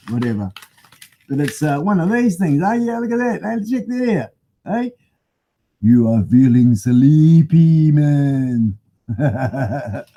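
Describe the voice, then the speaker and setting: Talking into a phone set up as a webcam, a middle-aged Australian man hosts a casual live stream from a home garage crowded with motorbikes. He has a husky, slightly mellow mid-range voice. The chat is rambling and easygoing, full of laughter and mild swearing.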